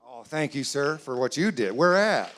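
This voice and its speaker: A man doing comedy crowd work in a church hall, teasing audience members in quick banter. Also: medium pitch, very animated, a bit bright. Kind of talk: live stand-up crowd work.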